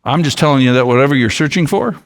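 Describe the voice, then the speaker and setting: A man's voice: mid-range voice, expressive, fast talker. Male pastor preaching in an echoey church. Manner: conversational, storytelling delivery. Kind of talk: sermon. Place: church sanctuary.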